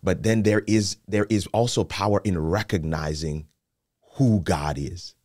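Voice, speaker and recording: A man's voice: low voice, a little slow, no room sound, clean studio sound. A man hosting a morning devotional, responding to the speaker in a casual, affirming way with frequent restarts. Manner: warm affirming, restarts and repeats words. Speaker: host pastor.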